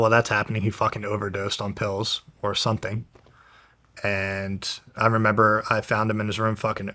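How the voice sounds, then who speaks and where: A man's voice: fairly low pitch, pushed and bright. A young man from New Jersey, a professional fighter, telling a story to an interviewer in a blunt, casual way, with constant swearing. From New Jersey, USA.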